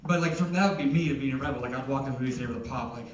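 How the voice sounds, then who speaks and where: A man's voice: mid-range voice, very fast, a little hiss or hum. A young man from Ohio doing a stand-up comedy set, rambling and self-deprecating, with lots of fillers. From Ohio, USA. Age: young adult. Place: concert venue on stage. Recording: echoey hall, heard from a distance.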